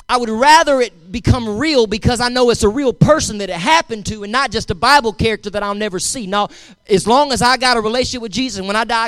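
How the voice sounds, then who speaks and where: A man's voice: very high voice, a bit bright, dry recording. A male pastor preaching a sermon, emphatic and repetitive, talking straight to his congregation.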